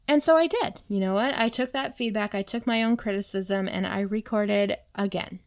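A woman in her thirties talks through a solo podcast episode into a desktop microphone. She is candid and self-deprecating, peppering her talk with "like" and "you know what". Her pitch sits in the middle of the usual range. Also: moderate pace, few pauses. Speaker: podcast host. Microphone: desktop USB mic.

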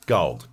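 A man hosting a podcast, chatting casually and swearing freely as he tells an animated story. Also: high-pitched, breathy edge. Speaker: podcast host. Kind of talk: casual chat.

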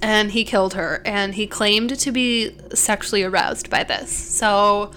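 A woman's voice: mid-range voice, steady tone, measured pace, sharp tone. A young woman co-hosting a podcast, chatting casually about a true-crime story with lots of "like" and "um". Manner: chatty, many fillers like "like" and "um". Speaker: podcast co-host.

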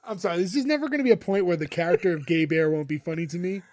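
A man's voice: high voice, very fast, background noise. A man co-hosting a podcast, casually retelling a TV episode and laughing often. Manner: chatty, laughs often while retelling scenes. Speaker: podcast co-host recapping a TV episode. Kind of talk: casual chat.

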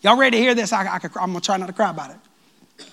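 A man preaching a sermon as pastor of his church, lively and joking with the congregation. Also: high voice, fast, vocal fry. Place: church sanctuary.

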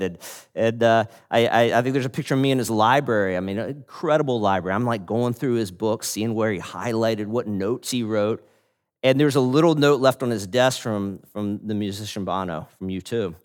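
Male pastor, sermon, animated storyteller, swooping intonation, long hall echo. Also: on the low side. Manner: animated storyteller, laughing, frequent restarts.

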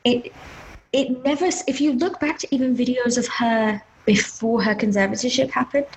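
A woman co-hosting a podcast in casual chat, talking in an animated way that rises in pitch when she gets worked up. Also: moderate pace, husky, low-quality recording. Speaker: podcast co-host.

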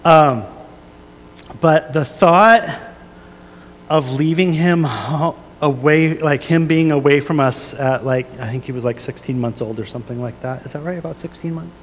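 A man's voice: a little high, measured pace, slight background noise. Pastor, male, 30s, confessional sermon delivery, long hall reverb. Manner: earnest, confessional, many fillers and restarts, soft prayerful then rising emphatic. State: a little emotional.

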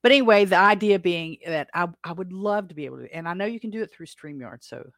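A woman's voice: on the low side, expressive, fast, no echo. Chatty rambling woman host, dry sound. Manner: rambling, chatty, frequent self-corrections and small laughs. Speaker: podcast host. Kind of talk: casual livestream chat, answering comments.

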